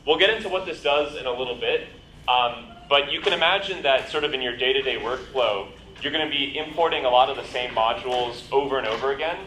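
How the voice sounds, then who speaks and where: A man lecturing a programming bootcamp, walking through code on the fly. His voice is bright and forward, his delivery chatty and full of ums. The recording carries the echo of a lecture room and a faint hiss underneath. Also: medium pitch, brisk. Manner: explains with many ums and you-knows, asks "right?". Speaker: bootcamp instructor. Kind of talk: live lecture with coding demo. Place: lecture hall.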